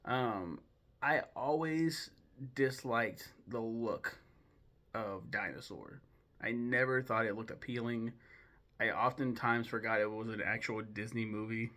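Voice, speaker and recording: A young man with a bright, forceful, mid-pitched voice gives casual commentary as the host of a film-ranking video. He rambles loosely, swears freely, and fills his sentences with ums and restarts. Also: unhurried. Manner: loose, profane, rambling with many fillers and restarts.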